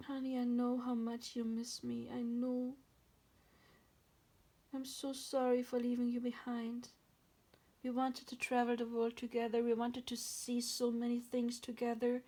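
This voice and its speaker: A woman's voice: fairly high pitch, monotone, unhurried. A woman channeling a tender departed spirit. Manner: soft, tender, consoling. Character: tender departed spouse spirit, loving and sorry.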